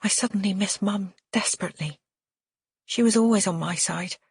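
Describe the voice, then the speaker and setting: A woman reading a thriller audiobook in first person, with a measured, earnest delivery. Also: medium pitch, darkish tone, breathy edge, no room sound. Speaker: audiobook narrator. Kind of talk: first-person scripted narration.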